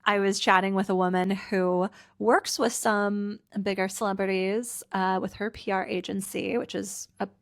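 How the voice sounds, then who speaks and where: Her voice sits in the mid-range, steady in tone and normal in speed, with hardly any pauses. She's a Canadian personal brand coach hosting a casual solo podcast, chatty and loaded with "like" fillers, sounding worn out and a little teary as she laughs through her tears.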